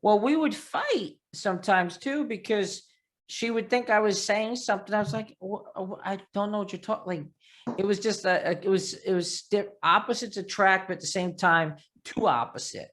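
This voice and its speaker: A man with a thick Long Island New York accent hosting a casual interview, telling stories in a rambling, animated way. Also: high voice, normal speed. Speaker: podcast host.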